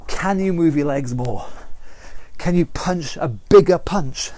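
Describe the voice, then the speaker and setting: A British man teaches an online fitness class in a slightly higher voice. He counts each round down and calls out the moves as he goes. He keeps the group going with steady encouragement. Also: slow pace. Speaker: fitness instructor. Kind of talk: online exercise class instruction.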